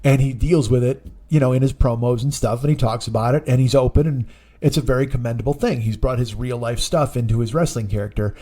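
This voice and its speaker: A man's voice: mid-range voice, steady tone, fast, mellow. A man in his forties, a comedian hosting his own show, telling a long, rambling, profane story in a casual, exasperated way. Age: 40s. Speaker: comedian podcast host.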